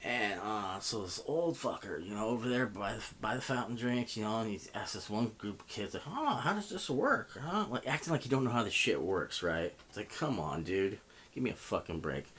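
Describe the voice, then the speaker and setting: A man with a somewhat low voice tells a story his own way, loose and meandering. He swears freely and keeps dropping in fillers. A faint noise sits under the recording. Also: fairly quick, a bit bright. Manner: profane, rambling, heavy with fillers. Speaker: vlogger. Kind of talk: casual storytelling.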